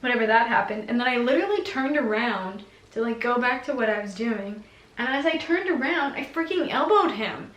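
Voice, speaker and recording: A woman's voice: fairly high pitch, expressive, a little fast, fairly bright tone. A young woman vlogger chatting casually and giggling, full of fillers. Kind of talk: casual chat. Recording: echoey room.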